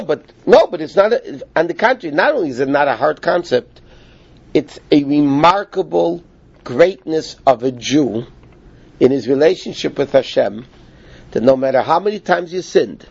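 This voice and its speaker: Male Torah teacher, husky and high-pitched, animated explainer. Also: normal speed. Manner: animated, acts out quoted speakers. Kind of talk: explaining Talmud in conversation. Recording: dull lo-fi recording.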